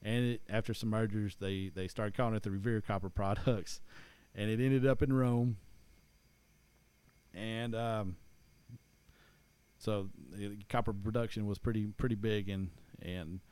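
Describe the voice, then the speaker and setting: A man's voice: lowish voice, fairly even intonation, a little slow, a little mellow, clean tone. A man, chatting casually and rambling with many restarts. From East Tennessee. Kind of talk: casual chat.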